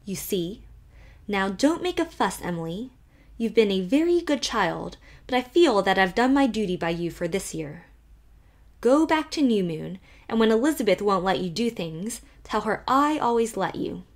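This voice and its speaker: Storybook role: woman reading a blunt, mocking old aunt, sly and unbothered, middle pitch. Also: sing-song, normal speed. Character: sharp-tongued old rich great-aunt, coolly teasing.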